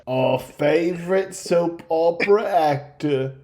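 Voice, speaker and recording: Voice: mid-range voice, takes it slowly, a little mellow. A game master running a tabletop game, giving dry rulings.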